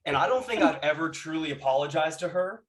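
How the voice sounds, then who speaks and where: Animated storytelling man, fairly high voice. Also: quick pace. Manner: animated storyteller who shouts out quoted lines. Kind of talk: casual chat, reminiscing.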